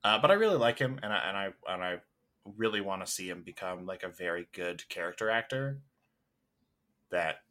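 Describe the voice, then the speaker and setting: A man's voice: sits low, animated, a little fast, bright, forceful tone. A man co-hosting a podcast, chatting casually about films with lots of fillers and restarts. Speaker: podcast co-host. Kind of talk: casual movie chat.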